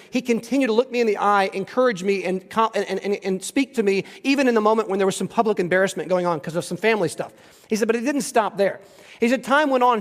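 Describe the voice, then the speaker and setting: Pastor guy preaching, really high voice, earnest storytelling, long echo like a big church hall. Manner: earnest, emotional storytelling with repeated restarts. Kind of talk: sermon. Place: church sanctuary.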